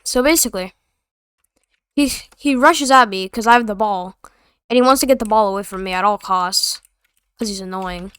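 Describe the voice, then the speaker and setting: A woman's voice: medium pitch, normal speed, long pauses, fairly bright tone, smooth, no echo, studio quality. A young woman telling a story in a casual, rambling, slangy and sarcastic way. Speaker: vlogger.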